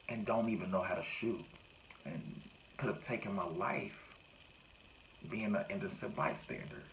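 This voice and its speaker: A man, recounting a personal story to camera in a casual, animated way and acting out what people said. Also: deep voice, a little hiss or hum, poor audio. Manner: animated retelling with acted-out quotes. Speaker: vlogger.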